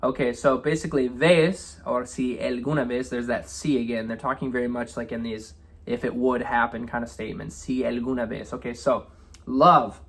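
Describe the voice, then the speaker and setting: Male language teacher, mid-pitched, loose and chatty as he walks through lyrics. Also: normal speed. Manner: relaxed, repeats "right?" and "okay?" often. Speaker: Spanish teacher. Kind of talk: explaining song lyrics.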